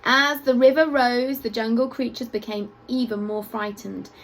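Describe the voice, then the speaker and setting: A woman teacher reading a picture book aloud to children at a school assembly, with expressive storytelling and playful asides. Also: fairly high pitch, moderate pace, poor audio.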